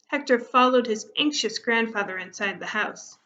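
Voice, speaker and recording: A woman teacher narrating a storybook aloud to her class in a steady, expressive manner. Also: fairly high pitch, moderate pace, a little hiss or hum. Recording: muffled lo-fi recording.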